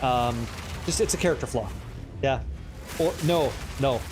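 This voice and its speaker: A man streaming a game live, excitable and profane as he banters with his chat. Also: medium pitch, unhurried, music in the background. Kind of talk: live gameplay commentary chatting with viewers.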